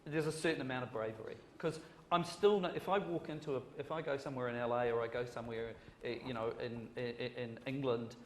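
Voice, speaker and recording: A man's voice: mid-range voice, quick pace, few pauses. New zealand man, panel talk, rambling self-deprecating jokes, echoey hall, faint background noise. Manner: rambling, joking and self-deprecating, with frequent restarts. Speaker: panelist, screenwriter. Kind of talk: panel discussion. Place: conference hall.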